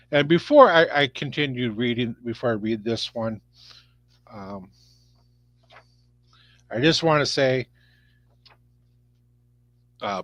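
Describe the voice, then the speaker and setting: Slow folksy Minnesota man reading aloud. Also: mid-range voice, fairly bright tone, no echo. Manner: folksy, unpolished, stumbles over words. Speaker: livestream host reading stories. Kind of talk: reading Christmas poems aloud. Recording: dull lo-fi stream audio.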